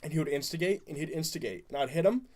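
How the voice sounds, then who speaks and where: Fast-talking young man telling stories. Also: fairly high pitch, lively intonation, darkish tone. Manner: fast, loose storytelling with swearing. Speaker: podcast co-host. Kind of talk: casual chat.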